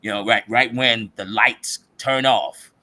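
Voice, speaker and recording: A man in casual podcast talk, an animated storyteller who uses slang and acts out other people's voices. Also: on the low side, unhurried. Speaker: podcast guest. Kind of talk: casual chat.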